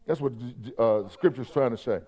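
A man's voice: mid-range voice, moderate pace, warm tone. A man preaching a sermon in a conversational way, repeating himself and checking in with the congregation. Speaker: pastor.

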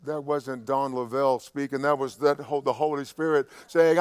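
A man preaching a sermon, halting and repeating himself in quieter stretches, building to loud, impassioned preaching. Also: mid-range voice, steady tone, smooth. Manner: halting, with many restarts and fillers.

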